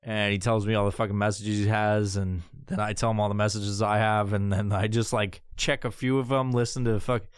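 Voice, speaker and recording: A young adult man hosting a podcast, ranting casually and profanely, often jumping into squeaky high voices for bits. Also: flat delivery, brisk, hardly any pauses, smooth, dry recording, studio quality. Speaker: podcast host. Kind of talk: casual comedic podcast rant.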